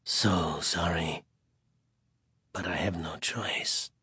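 A bony old man looms in this spooky storybook reading, his voice pitched well below the reader's own and kept low and menacing, as the narrator acts him out. He speaks in quiet, clipped threats that can sink to a whisper. The sound is close and dry. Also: animated, normal speed, slightly rough, no room sound. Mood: whispered regret.

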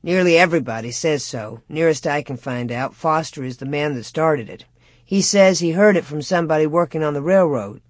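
A mild, easygoing pioneer father from a storybook, put on by a woman narrator in a lowered voice. The voice is recorded close and dry. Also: fairly quick, no room sound. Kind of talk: audiobook reading.

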